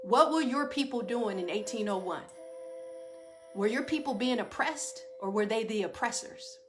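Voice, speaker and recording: A woman's voice: fairly high pitch, animated, normal speed, music in the background. Woman talking to a group. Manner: addresses listeners as y'all, asks them questions; talks in short rising phrases with tag questions. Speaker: speaker giving a talk on trauma and stress. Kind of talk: informal live talk to a group.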